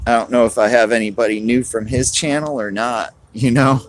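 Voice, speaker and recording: A man's voice: medium pitch, fairly even intonation, fairly quick. A man, live-streaming outdoors on a cold, windy day, rambling and greeting chat viewers by name.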